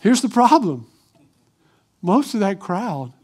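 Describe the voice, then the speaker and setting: A man preaching a sermon as pastor, animated, acting out crowd shouts in a raised voice. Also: extremely high pitch, normal speed.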